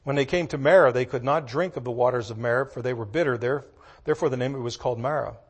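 A man preaching a sermon, reading scripture slowly and swinging between hushed asides and loud emphatic lines. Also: mid-range voice, husky. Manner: reads scripture in slow, measured tones.

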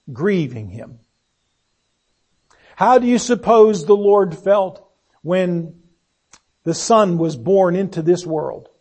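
A man's voice: high voice, darkish tone. A man preaching a sermon, earnest and searching, posing one rhetorical question after another and letting his voice sink on solemn phrases.

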